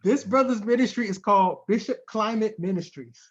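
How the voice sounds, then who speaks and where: A man with a high voice reads odd news stories to his co-host, amused and chuckling between lines. His audio is muffled and lo-fi. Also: a little fast. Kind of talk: casual comedic chat.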